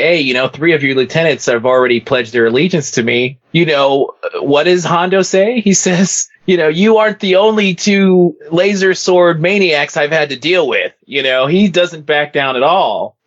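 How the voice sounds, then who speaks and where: A man's voice: mid-range voice, fairly bright tone, dull audio. A man co-hosting a podcast, talking eagerly and retelling scenes. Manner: enthusiastic, storytelling. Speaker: podcast co-host. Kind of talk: casual discussion.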